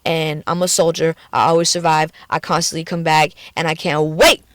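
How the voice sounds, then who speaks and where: A woman's voice: low-pitched, little pitch movement, normal speed, dry recording, studio quality. Frank, emotional young-sounding woman venting. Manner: frank, emotional, swears freely. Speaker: vlogger. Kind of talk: candid personal vlog rant. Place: in a car at the beach.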